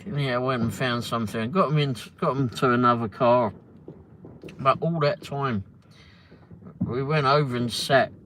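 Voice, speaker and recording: A man's voice: mid-range voice, moderate pace, pauses often, a bit bright. A man hosting a livestream, telling a long story in a rambling way with constant swearing and frequent restarts. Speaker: livestream host. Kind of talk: casual storytelling. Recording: noisy ambience behind voice.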